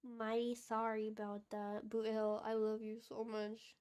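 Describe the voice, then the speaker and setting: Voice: medium pitch, monotone, a little slow, darkish tone, clean tone. A VTuber chatting casually on a game stream, playful and giggly, laughing often between remarks.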